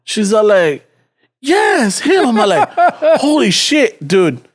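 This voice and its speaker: A man's voice: high-pitched, measured pace. A man with a Chicano English accent telling a story in a casual podcast chat, acting out quoted exchanges and swearing freely. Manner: animated storyteller, acts out quoted exchanges, swears freely, mixes Spanish slang. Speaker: podcast co-host.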